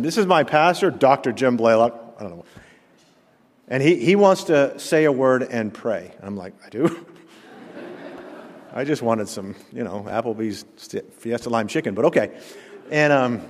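A man, a pastor, preaching a sermon that swings from loud declarations to hushed asides. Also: medium pitch, long reverb tail.

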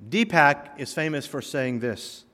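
A pastor preaches a sermon in a man's voice pitched on the high side and fairly bright, with lively intonation and an unhurried pace. He tells humorous stories and drives home emphatic points, with the long reverb of a hall around him.

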